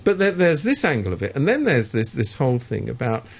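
Gravelly sardonic male commentator. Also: mid-range voice, big pitch swings, brisk. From Hong Kong resident. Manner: sardonic, emphatic, many restarts. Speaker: political commentator. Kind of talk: opinionated discussion.

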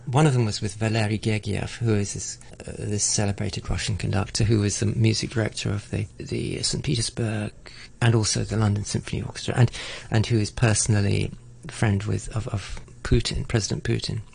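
A man's voice: fairly low pitch, little pitch movement, a little fast, vocal fry, hardly any pauses, a little mellow, breathy edge. A middle-aged man in a conversational interview, talking reflectively with frequent restarts and stammered repeats. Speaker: interviewee, arts broadcaster.

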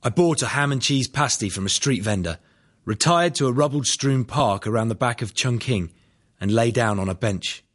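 A man's voice: mid-range voice, moderate pace. A man narrating his own life story in a dry, plain-spoken first-person audiobook reading. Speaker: memoir narrator.

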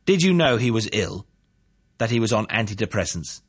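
A forceful courtroom prosecutor with a raised, insistent pitch, pressing every question home, as a man with a husky voice puts him on. His voice has a breathy grain under the pushy delivery. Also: big pitch swings, moderate pace.

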